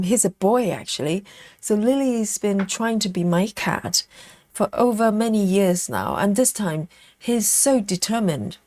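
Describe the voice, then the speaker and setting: Gravelly-voiced woman chatting on a live stream. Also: medium pitch, darkish tone, dry recording. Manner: chatty, reads out viewer comments, laughs often. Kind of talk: casual live-stream chat.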